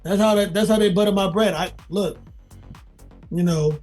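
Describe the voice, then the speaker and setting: A man playing in a tabletop game, speaking in character in a hesitant, low-key way. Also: normal speed, a little mellow, soft background music. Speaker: player.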